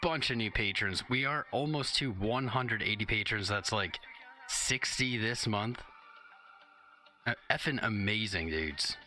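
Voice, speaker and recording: Deep-voiced, slightly winded streamer man. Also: unhurried, over music. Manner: loose, chatty, slangy. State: a bit out of breath, just woken up. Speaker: crypto live streamer. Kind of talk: casual live-stream chat.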